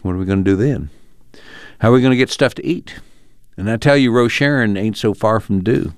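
A man's voice: lowish voice, brisk, no echo, clean studio sound, lightly acted. A man doing a worn-down, homesick farmer. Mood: despairing. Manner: plain rural dialect, worn down. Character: discouraged, homesick old farmer father. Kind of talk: audiobook reading.

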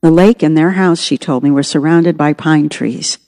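A woman's voice: sits low, normal speed, mellow, in a large hall. A woman narrating her own memoir as an audiobook, in an earnest, reflective way.

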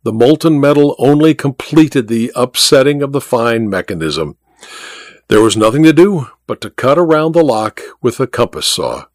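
A male narrator reading an old-fashioned tale with a lively, swinging delivery. His voice sits mid-range and sounds close and dry. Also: medium pitch, normal speed, dry recording. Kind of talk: audiobook narration.

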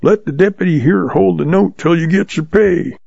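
A man voicing a calm, sly old western outlaw who talks in a patient folksy drawl, in a storybook reading. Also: on the high side, moderate pace, vocal fry, husky, dry recording, pitched above the performer's own voice, heavily acted. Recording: dull lo-fi sound.

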